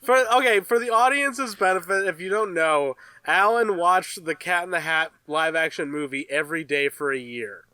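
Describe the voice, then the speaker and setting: A man's voice: a little high, normal speed, hardly any pauses, bright, forceful tone, smooth, no room sound. A man co-hosting a podcast, chatting casually with dry joking asides. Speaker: podcast co-host. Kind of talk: casual chat.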